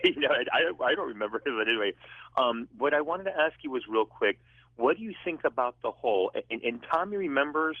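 A male radio caller from Florida who talks in an excited, rambling way. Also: mid-range voice, fast, no room sound. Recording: tinny phone line.

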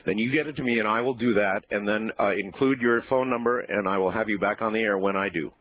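Male radio host, fairly low voice, measured delivery, dull lo-fi broadcast sound. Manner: deliberate, cuts in to steer the caller. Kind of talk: late-night call-in radio hosting.

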